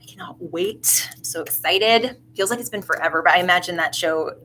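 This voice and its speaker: Bright-voiced chatty tarot reader woman. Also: lowish voice, sing-song, brisk, slight background noise, low-quality recording. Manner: chatty and effusive, frequent asides. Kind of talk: casual live tarot reading.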